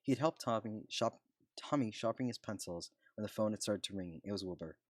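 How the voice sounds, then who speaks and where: A man's voice: lowish voice, a little fast, dry recording. A man casually reading fan fiction aloud, often stumbling and restarting words. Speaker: fanfiction reader.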